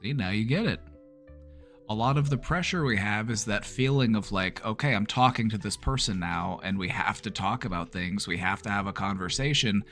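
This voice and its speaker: A man with a lowish voice hosts a livestream from home at a moderate pace, soft music playing in the background. He chats casually and relaxedly, breaking off mid-stream to talk to his dog.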